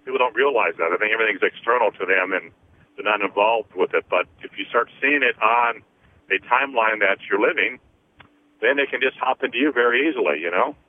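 A man with a low voice hosts a call-in radio talk, counting steadily from one to ten and explaining in a loose, filler-heavy way. The sound is thin and tinny, like a phone line. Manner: slow, deliberate counting with frequent fillers. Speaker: host, energy healer.

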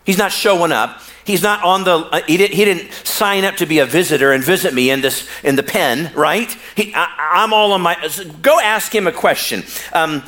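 A man preaching a sermon in a storytelling way, drawing out words for emphasis and slipping into casual slang with the congregation. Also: high voice. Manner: animated storytelling with slow, drawn-out pauses for emphasis. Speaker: pastor.

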